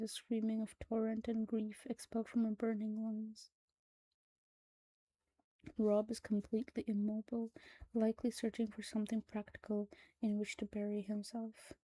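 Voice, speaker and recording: A woman narrating a creepy horror story in a hushed, soft-spoken way that drops into whispers. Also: fairly high pitch, dry recording, rough recording. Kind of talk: scripted horror story reading.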